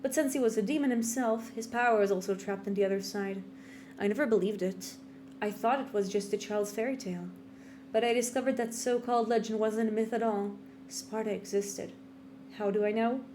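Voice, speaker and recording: A woman's voice: on the high side, brisk, slight background noise, natural voice. Woman doing a brooding young demon huntress. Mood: solemn. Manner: hushed, solemn dramatic monologue. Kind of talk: voice acting a game monologue.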